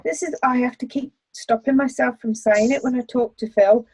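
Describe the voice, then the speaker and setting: A middle-aged woman co-hosting a casual online chat, telling animated stories and laughing often. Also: a little high, normal speed, husky, rough recording. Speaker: co-host. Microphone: video call.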